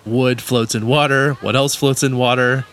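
A man co-hosting a casual podcast, relaxed, often laughing as he retells scenes. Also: mid-range voice, moderate pace. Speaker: podcast co-host.

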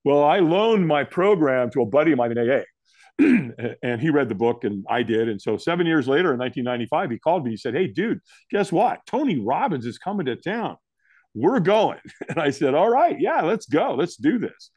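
Animated middle-aged male storyteller. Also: a little high, a little fast, no room sound. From United States. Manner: animated storyteller, acts out quotes. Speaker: guest. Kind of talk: storytelling interview.

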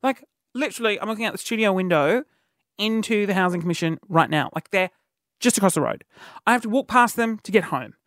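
A man tells a comedic story in a rambling, animated way, full of fillers and asides. He records in a studio, and the sound is close and dry with no room echo. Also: high voice, brisk. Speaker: podcast host. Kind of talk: comedic monologue.

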